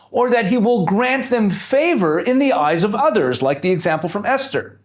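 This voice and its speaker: A man's voice: high-pitched, lively intonation, moderate pace. A man teaching scripture, explaining each point step by step and posing rhetorical questions to his audience. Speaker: Bible teacher.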